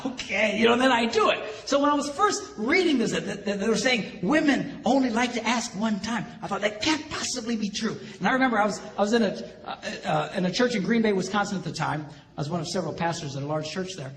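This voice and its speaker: A middle-aged man, a pastor, giving a humorous talk to an audience. He tells stories, acts out the dialogue and jumps into high squeaks. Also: animated, fast, fairly bright tone. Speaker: pastor and speaker. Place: large hall with a live audience. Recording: echoey hall recording with audience noise.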